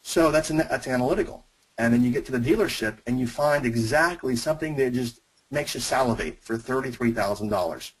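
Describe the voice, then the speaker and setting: A man's voice: medium pitch, lively intonation, a little fast, husky, poor audio. A man presenting a sales webinar, speaking emphatically and addressing his listeners directly. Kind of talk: teaching webinar call.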